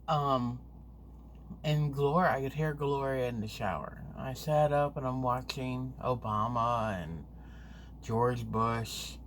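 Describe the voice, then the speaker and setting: A woman vlogger telling a story to camera in a chatty, rambling, animated way. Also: extremely low pitch, slow pace, slight background noise.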